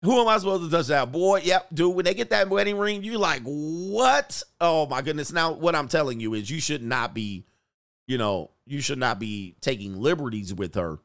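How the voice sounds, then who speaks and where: Brief: middle-aged male stream host, slightly high voice, loose, laughs a lot, acts out bits. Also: expressive, a little fast, a bit bright, dry recording, studio quality. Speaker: livestream host reading chat comments. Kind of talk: casual livestream chat.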